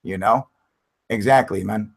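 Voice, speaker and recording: A man's voice: fairly low pitch, unhurried, creaky. A man hosting a live stream, ranting heatedly with lots of swearing while reading and answering viewer chat.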